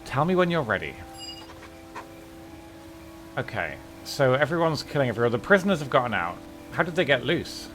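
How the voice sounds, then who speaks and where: A man's voice: medium pitch, sing-song, moderate pace, long pauses, a bit bright. A man streaming a video game, giving casual commentary in a dry, offhand way, with some swearing. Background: game music.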